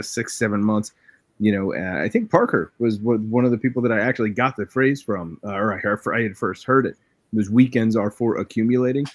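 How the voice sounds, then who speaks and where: A man's voice: on the low side, no echo. A man co-hosting a live trading stream, casually explaining things with plenty of fillers. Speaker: co-host.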